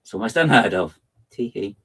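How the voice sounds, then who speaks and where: This is casual livestream chatter from a man who builds as he talks, teasing himself in a playful way. His husky voice moves at a moderate pace, and he's animated, swinging theatrically up into high pitch.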